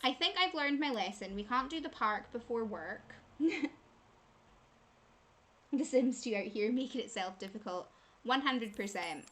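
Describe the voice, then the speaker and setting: A woman's voice: on the high side, animated, unhurried, pauses often, fairly bright tone. A woman giving casual commentary while playing a life-simulation game, chatting to her characters and laughing often. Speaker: gaming channel host.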